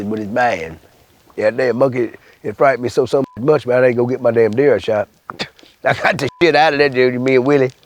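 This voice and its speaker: Heard with no room sound, a mid-range male voice belongs to an older bayou-accented man from Louisiana. Interviewed, he rambles through a folksy tale packed with swearing and acts out the voices of others.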